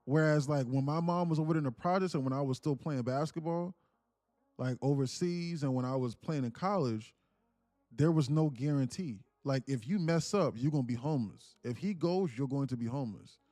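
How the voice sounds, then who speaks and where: A man's voice: medium pitch, fairly quick, mellow, no room sound. A man hosting a trading livestream, telling a personal story casually, emphatic and repetitive with many restarts.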